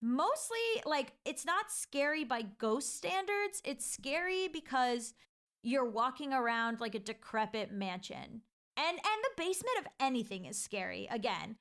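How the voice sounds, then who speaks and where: A woman's voice: high voice, very animated, unhurried, fairly bright tone. A woman telling a personal ghost story in a chatty, casual way, full of filler likes and restarts.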